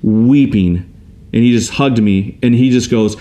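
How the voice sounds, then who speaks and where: A man telling a personal story in a casual, animated way, often restarting and acting out what people said. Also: mid-range voice, unhurried. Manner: animated, quotes others in acted voices, restarts often.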